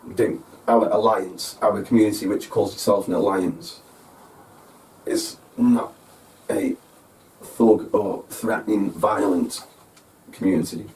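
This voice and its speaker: Man doing a deep, dark-voiced secret-alliance leader, earnest and preachy, recorded far off the mic. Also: sing-song. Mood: solemn. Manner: slow, earnest, preachy delivery with pauses. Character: self-styled male leader of a secret alliance, solemn. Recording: distant mic with background noise.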